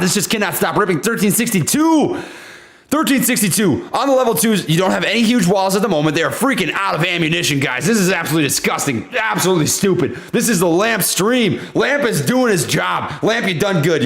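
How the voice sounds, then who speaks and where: A young man hosting a live stock trading stream, giving excited market commentary and repeating himself as prices move. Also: sits high, creaky, roomy sound. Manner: hyped, shouts and laughs at price moves, repeats phrases. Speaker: stock trading livestream host. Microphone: desk studio mic.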